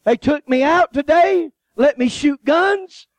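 Slow and at an extremely high pitch, a man preaches a sermon as a guest, telling lively stories laced with jokes and laughter and voicing the people in them. There's no echo; the sound is close and dry.

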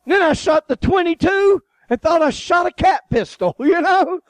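High-voiced, animated man preaching with humor. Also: moderate pace, no echo. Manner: animated, joking storytelling with laughs and acted-out voices. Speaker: guest preacher. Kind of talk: sermon.

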